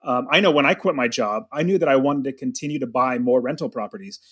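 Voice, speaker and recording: A man's voice: medium pitch, quick pace, fairly bright tone, slightly rough. A man hosting a casual business interview, asking long framed questions and sharing his own experience. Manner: asks long framed questions, voices hypothetical listeners. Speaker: podcast host.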